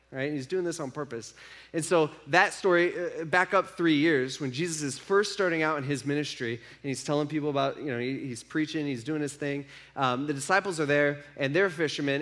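A man's voice: a little high, a bit bright. A man preaching a casual sermon, retelling a story and acting out the speakers' lines in an everyday voice. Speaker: pastor.

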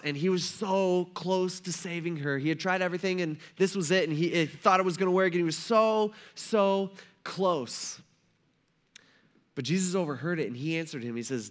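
A man preaching a sermon as a pastor, speaking in a relaxed, slangy way and acting out the characters of the story in everyday talk. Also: sits high. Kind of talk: casual conversational sermon.

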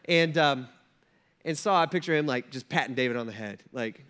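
A male pastor preaching a sermon in an animated, joking storytelling manner, with asides to the congregation. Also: medium pitch, fairly quick, clean tone.

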